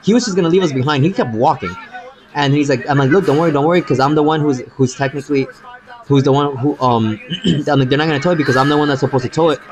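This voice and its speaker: Man, mid-pitched voice, rambling storyteller, live stream, loud crowd in background. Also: fast talker, low-quality recording. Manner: rambling, repeats words, says bro a lot. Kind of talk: casual storytelling.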